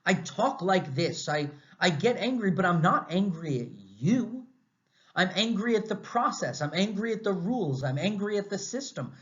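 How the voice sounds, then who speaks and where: Animated American man giving a lecture. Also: sits high, moderate pace. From United States. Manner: animated, conversational, asks the class many rhetorical questions. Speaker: university lecturer. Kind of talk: recorded lecture. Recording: slightly dull, muffled audio.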